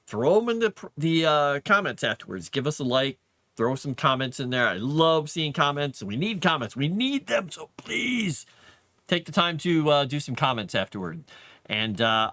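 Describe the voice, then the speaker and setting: A man's voice: a little high, bright, forceful tone, dry recording. A man hosting a casual live stream from his basement, chatting in a rambling way and laughing often. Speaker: livestream host. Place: home basement.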